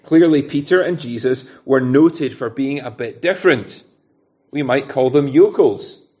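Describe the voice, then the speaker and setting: Scottish preacher, talking through a Bible passage. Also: male voice, medium pitch, a little slow, darkish tone. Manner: conversational, asks rhetorical questions. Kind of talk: expository sermon.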